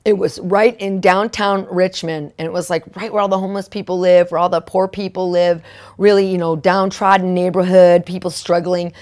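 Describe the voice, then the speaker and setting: A woman preacher telling a testimony in an animated, emotional way, peppering her talk with "right?" and "like". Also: lowish voice, normal speed. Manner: fillers like "right?" and "like". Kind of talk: live-streamed testimony preaching.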